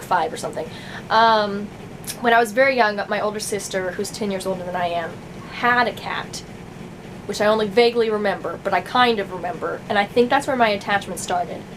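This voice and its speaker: A woman's voice: mid-range voice, noisy background. A young adult woman vlogging in casual chat to camera, rambling with many fillers and frequent laughs.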